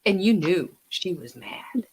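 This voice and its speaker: A woman giving an actor feedback over a video call, chatty, now and then acting out lines in a hush. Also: on the low side, very animated, takes it slowly, slightly rough. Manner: coaching, chatty, acts out lines in hushed whispers. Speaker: judge and acting coach.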